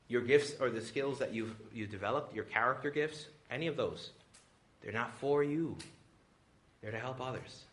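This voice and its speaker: A male priest giving a retreat talk, joking and acting out quoted voices with big pitch jumps. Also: fairly bright tone. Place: retreat venue with a live audience.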